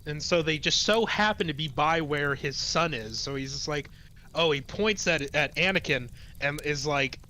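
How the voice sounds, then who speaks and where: A man with a bright, fairly high voice retelling a film's plot for his podcast co-hosts. He tells it in an animated way with fillers and the odd swear word, over a faint background hiss. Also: normal speed. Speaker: podcast co-host. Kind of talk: casual movie recap chat.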